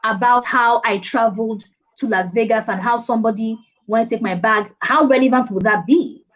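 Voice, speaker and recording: A woman giving speaking advice as a guest in a casual online interview, lively and playful, often laughing. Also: a little high, normal speed, muffled recording. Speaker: guest speaker, presentation coach.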